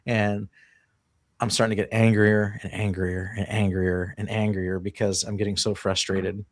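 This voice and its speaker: A man's voice: lowish voice, level tone, moderate pace, no echo, studio quality. A man in casual conversation, telling a personal story animatedly with frequent laughs and restarts.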